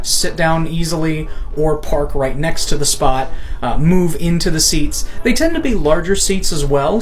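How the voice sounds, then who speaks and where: A man who once worked at a movie theater tells a work story in a sardonic, explanatory way. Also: on the high side. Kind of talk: storytelling, anecdote.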